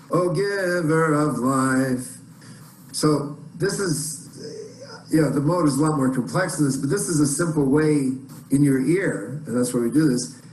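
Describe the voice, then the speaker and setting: A man teaching chant in an online lesson, explaining in plain words between short sung phrases. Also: medium pitch. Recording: roomy echo, faint noise.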